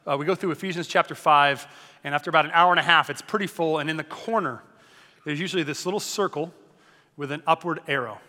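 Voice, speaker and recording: A man preaching a sermon as a pastor, energetic and conversational, often joking with the congregation. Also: fairly high pitch, quick pace, in a large hall.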